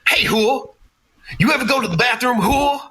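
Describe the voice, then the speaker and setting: A man voicing a loud, intimidating male army drill sergeant who barks short lines and tags each one with "whoa". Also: very high voice, normal speed, voice pushed up. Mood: barking.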